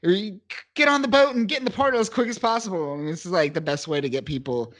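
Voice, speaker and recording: A man's voice: high-pitched, fast talker, a bit bright. A man co-hosting a podcast, talking casually and enthusiastically about a comic book, often restarting his sentences. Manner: enthusiastic, rambling with restarts and laughs. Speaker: podcast co-host.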